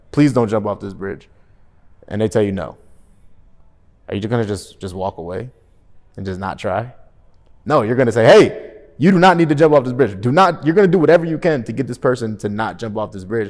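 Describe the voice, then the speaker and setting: A man with a fairly low voice talks straight to the viewer as a sales coach. He is emphatic and lively, and he leans into his examples. Now and then he acts out a phone call in a different tone. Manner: energetic, emphatic, repeats "right?"; acts out phone calls in shifting tones. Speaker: real estate sales coach. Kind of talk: motivational coaching talk.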